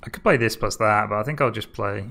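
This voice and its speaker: Gravelly-voiced man thinking aloud. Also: on the low side, fast, over music. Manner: thinking aloud, frequent chuckles. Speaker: card game streamer. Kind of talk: casual gameplay commentary.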